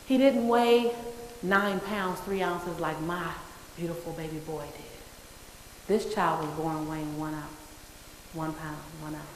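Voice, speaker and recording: A woman's voice: sits low, fairly even intonation, unhurried, slight background noise. A woman giving a motivational speech to an audience, emphatic and repeating her key phrases for effect. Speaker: motivational speaker. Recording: echoey hall with long reverb.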